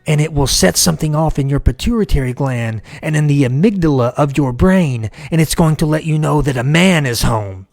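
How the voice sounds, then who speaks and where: A man rants about politics in an angry, profane tirade. He swings between outbursts of shouting and low, menacing growls. His voice sits a little high, and faint music plays behind him. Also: expressive, moderate pace, hardly any pauses. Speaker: political commentator.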